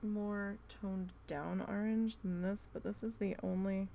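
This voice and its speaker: A young woman with a New Jersey accent, chatting casually and thinking out loud while she works on a craft project. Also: medium pitch, steady tone, measured pace, gravelly, a little hiss or hum. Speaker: craft vlogger.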